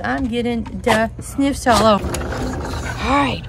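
Woman, Kentucky accent, chatty vlogger, slow easygoing pace, noisy outdoor recording. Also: vocal fry. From Western Kentucky. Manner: chatty, coos to her dogs in a high sing-song. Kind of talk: casual vlog chat. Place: outdoors by a lake and at home.

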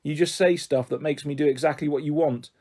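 A man's voice: a little high, steady tone, fairly quick, dark tone, natural voice. A man reading the part of a shy, anxious young schoolgirl in an audiobook, with a worried, self-doubting manner. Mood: earnest. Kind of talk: audiobook character voice.

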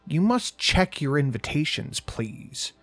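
A man voicing a tiny, stern old woman with a dry, croaking monotone. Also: low-pitched, slow pace, no room sound, faint music behind, heavily acted. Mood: stiff, formal. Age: older.

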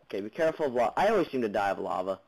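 A man's voice: on the low side, very animated, very fast, vocal fry, low-quality recording. A man giving jumpy let's-play commentary on a block-building game, chattering at monsters and viewers with sudden yelps, recorded on a basic computer mic. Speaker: gaming channel host. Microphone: basic computer mic, no headphones.

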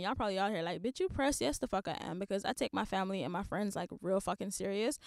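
A woman's voice: mid-range voice, no room sound, studio quality. A young woman hosting a podcast, talking casually in a blunt, profane rant with frequent laughs. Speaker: podcast host. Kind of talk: casual monologue.

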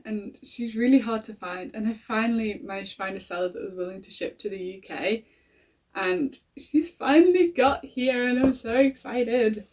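Breathy, gushing woman unboxing. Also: on the high side. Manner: gushing and excitable, with gasps and giggles. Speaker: collector unboxing a model horse. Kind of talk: unboxing vlog. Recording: voice a little far from the mic.

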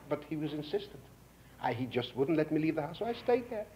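An older man lecturing to an audience, telling a folk tale with lively character voices, on an old 1950s lecture recording. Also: fast talker, poor audio. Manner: animated storyteller, voicing characters with rising pitch. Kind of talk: storytelling lecture. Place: lecture hall.

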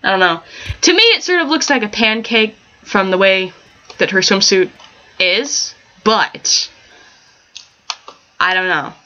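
Through a dull lo-fi home mic, a gaming channel host does casual let's-play commentary on a life-sim game, giggling often and rambling in chatty asides. Her mid-range voice is pushed and bright, a little slow, with frequent pauses.

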